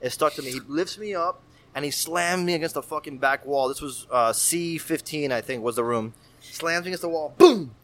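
Man, thirties, pitched a bit high, loud, profane storyteller who acts out every voice. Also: moderate pace. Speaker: podcast guest. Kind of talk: casual storytelling.

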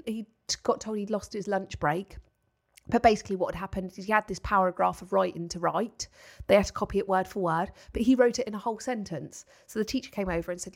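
Talking fast at a medium pitch, a young woman shares a story as a podcast co-host in casual chat. She's an animated storyteller who imitates the voices of the people she quotes.

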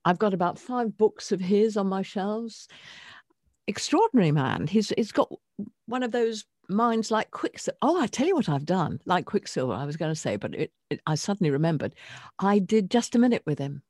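An older woman co-hosting a casual podcast chat, reflective and expressive as she introduces guests. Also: medium pitch, moderate pace, dry recording, studio quality. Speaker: co-host.

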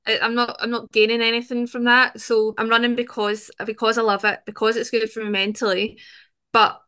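A woman's voice: a little high, level tone, fairly quick, pushed and bright, clean tone. A woman, a podcast guest talking openly and chattily, with frequent restarts. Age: 20s. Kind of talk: conversational interview.

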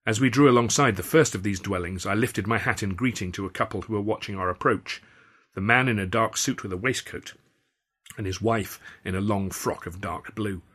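Man, author reading his story, first-person narration, wry, low-pitched. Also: fairly quick, fairly bright tone. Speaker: author and reader.

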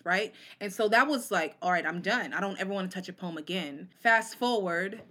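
A woman poet in her forties, a guest on a talk show, telling stories in an animated, casual way and acting out the voices of people she quotes. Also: medium pitch, fairly quick, hardly any pauses. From Oakland, California. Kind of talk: casual interview storytelling.

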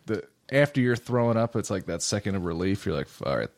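Low-voiced man telling loose stories. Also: lively intonation, fast, a little mellow, dry recording. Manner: loose, profane storytelling with laughs. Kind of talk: casual chat.

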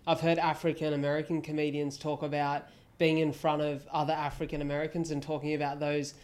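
A man's voice: on the high side, completely flat delivery, fairly quick, darkish tone. A man hosting a podcast, chatting casually and enthusiastically with his guest, with the odd swear word. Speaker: podcast host. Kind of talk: casual interview chat.

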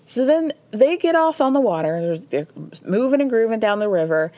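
A woman's voice: on the high side, lively intonation, moderate pace, dark tone, no echo. A woman hosting a podcast, chatting casually through a reality TV recap, laughing often and acting out quotes. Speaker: podcast host.

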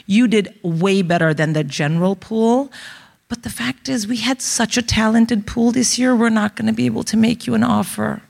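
A woman's voice: fairly high pitch, normal speed, vocal fry, darkish tone. A woman voicing a chirpy corporate HR woman who delivers bad news in a breezy, falsely upbeat way. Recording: live theatre hall reverb.

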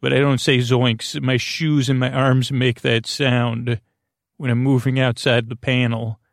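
A man hosting a bedtime podcast, talking in a meandering, self-interrupting way with deadpan jokes and a creaky voice. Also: medium pitch, a little slow, dry recording, clean studio sound. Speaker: podcast host. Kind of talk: rambling bedtime podcast monologue.

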